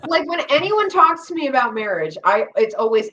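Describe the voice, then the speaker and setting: A woman's voice: high voice, expressive, moderate pace, sharp tone, a little hiss or hum. A young woman chats candidly in an interview, slipping into quoted asides and swearing freely as she tells her story. She sounds a little off-mic, and the audio is dull and lo-fi. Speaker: reality show contestant guest. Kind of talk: casual chat. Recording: slightly distant, dull lo-fi audio.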